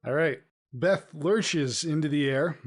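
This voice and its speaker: A man's voice: fairly high pitch, slow pace. A man acting as game master of a podcast tabletop game, describing scenes in an easygoing way.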